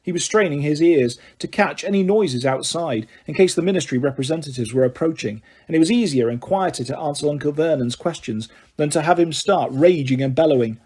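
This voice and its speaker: Guy reading a novel aloud, mellow husky voice, bit high. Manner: measured storytelling. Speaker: audiobook reader. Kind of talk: novel narration.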